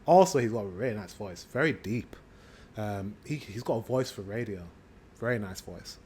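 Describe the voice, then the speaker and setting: A man's voice: fairly low pitch, animated, moderate pace, darkish tone, slightly rough. A man with a British accent hosting a reaction video, chatting casually and upbeat, thinking aloud as he comments.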